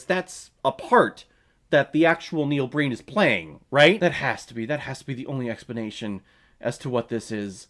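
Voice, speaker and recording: A man's voice: medium pitch, animated, moderate pace. Exasperated, profane male movie reviewer. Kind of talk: casual film review rant.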